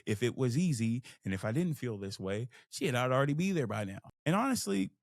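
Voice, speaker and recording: Gravelly man giving an animated pep talk. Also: a little fast, dry recording, clean studio sound. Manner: animated, jumps into high excited pitch and laughs at himself. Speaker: podcast host. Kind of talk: casual motivational monologue.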